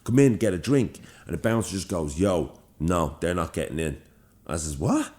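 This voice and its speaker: A young man from Ireland with a Dublin accent, co-hosting a podcast and telling an animated, swear-filled story. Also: sits low, moderate pace. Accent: Dublin Irish. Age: young adult. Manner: animated storyteller, swears freely, acts out quoted lines. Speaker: podcast co-host. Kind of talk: casual storytelling chat.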